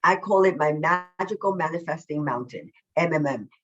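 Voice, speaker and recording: A woman, a self-love coach, talking as a podcast guest over a video call, effusive and emphatic, deliberately slowing down her naturally quick way of speaking. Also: low-pitched, dull audio. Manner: deliberately slowing her usual fast speech. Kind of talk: casual podcast interview.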